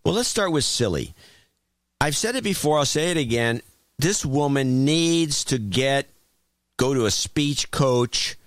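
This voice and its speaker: A man's voice: mid-range voice, animated, measured pace, no room sound, studio quality. A man hosting a casual talk show, giving blunt, wry opinions and often restarting his sentences.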